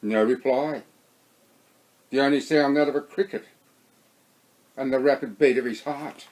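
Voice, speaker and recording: A man with an Australian accent reading his own novel aloud in a steady storytelling voice. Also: mid-range voice, measured pace, rough recording. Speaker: narrator.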